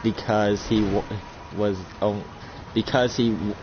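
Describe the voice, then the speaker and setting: A man doing a lecturing ghost commander in a put-on Russian accent, low and accusing. The sound is muffled and lo-fi, with loud noise underneath. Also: fairly even intonation, slow pace. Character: ghostly male commander posing as a Russian leader, accusing and preachy.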